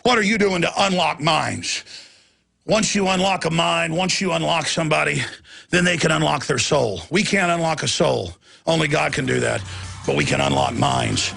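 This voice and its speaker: Older male host, fiery shouted monologue; bright, raspy, husky tone, preachy and relentless. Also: on the high side. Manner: shouting, furious and preachy, rapid lists. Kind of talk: ranting monologue.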